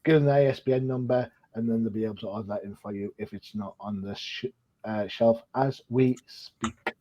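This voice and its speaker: An older man hosts a podcast in a casual chat, chatty and self-deprecating, joking at his own expense with plenty of fillers. His lowish voice is steady, fairly quick and warm, heard through dull lo-fi sound.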